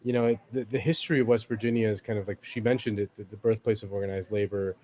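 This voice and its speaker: A man's voice: lowish voice, steady tone, fast talker, dark tone. Rambling man in casual political chat. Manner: rambling, many "like" fillers and restarts.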